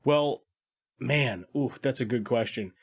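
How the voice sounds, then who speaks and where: A young man co-hosting a casual film podcast, joking and riffing in a chatty way. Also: mid-range voice. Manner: joking, quick riffs, chatty. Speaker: podcast co-host.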